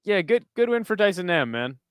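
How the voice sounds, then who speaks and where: A man's voice: high-pitched, sing-song, brisk, smooth, no room sound, studio quality. A man from the United States hosting a fight watch party stream, giving crude, joking commentary and chatting with viewers. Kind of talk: casual live-stream commentary.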